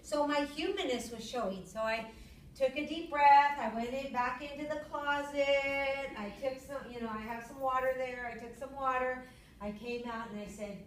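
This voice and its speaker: A middle-aged woman gives a classroom lecture. Her voice sits fairly high and comes from some way off the mic in a roomy, echoey space. A faint room hum runs underneath. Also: moderate pace, distant mic. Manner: lively storyteller, acts out her own yelling in a high voice. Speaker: yoga teacher.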